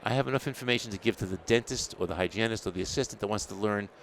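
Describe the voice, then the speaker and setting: Older guy from new york, gravelly low voice, rattles off stories fast, little bit of background hum. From New York City. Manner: animated storyteller acting out quoted exchanges, laughs often. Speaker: dental technology editor, guest. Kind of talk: casual interview storytelling. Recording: faint ambience at a trade show.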